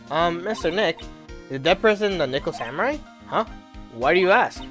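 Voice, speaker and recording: Streamer reading game lines aloud, music behind. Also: male voice, high-pitched, animated, moderate pace, fairly bright tone. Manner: reads game lines aloud, chatting and laughing with viewers between. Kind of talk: casual live-stream game playthrough.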